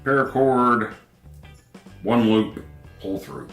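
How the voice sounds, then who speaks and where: A man reviewing a pocket knife in a casual vlog. He has a runny nose, keeps clearing his throat, and chuckles at himself in a wry, laid-back way. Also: mid-range voice, takes it slowly, a bit bright, roomy sound, soft background music.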